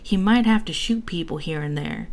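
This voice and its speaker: A woman's voice: low voice, moderate pace, creaky. A woman reading aloud and voicing a doting, meddling grandmother who gushes and coos. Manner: gushing and cooing.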